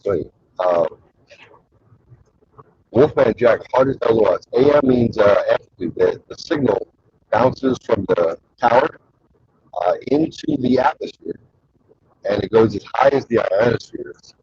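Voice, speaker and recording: A man's voice: medium pitch, very animated, unhurried, gravelly, pauses often, a little mellow, slightly rough, dull audio. A man hosting his own show, telling rambling stories casually with lots of fillers and crude humor. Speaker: show host.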